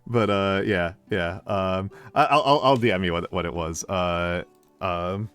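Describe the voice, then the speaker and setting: A man with an American accent chatting casually on a stream, rambling and halting with many restarts. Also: deep voice, a bit bright, smooth. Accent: General American. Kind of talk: casual chat.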